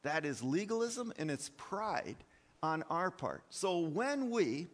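A man's voice: fairly high pitch, big pitch swings, takes it slowly. A male pastor preaching a sermon, emphatic, with rhetorical questions and repeated words, in a church. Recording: long hall reverb.

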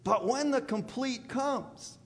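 A man's voice: extremely high pitch, slow pace. A man preaching a sermon in a folksy, stammering way, often checking whether the congregation is with him. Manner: folksy, repeats "you with me on that?"; stammering restarts, animated delivery. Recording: long reverb of a large hall.

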